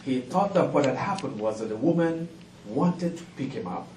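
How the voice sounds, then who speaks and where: Speaking at normal speed in a mid-range, slightly mellow voice, a middle-aged festival panel author animatedly shares funny stories with a live audience, frequently chuckling and self-deprecating. It's recorded from a distance in a roomy event hall, with ambient noise.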